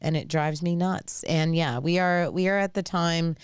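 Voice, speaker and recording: Blunt, low-voiced woman host, rambling on. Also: normal speed, smooth, dry recording, studio quality. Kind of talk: casual live commentary.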